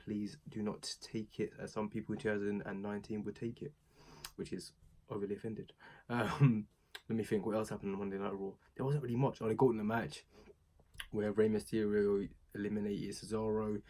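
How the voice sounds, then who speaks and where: A man's voice: on the low side, flat delivery, a little fast, dark tone. A young British man casually recapping a wrestling show, rambling and chatty, with many fillers and asides. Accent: British English.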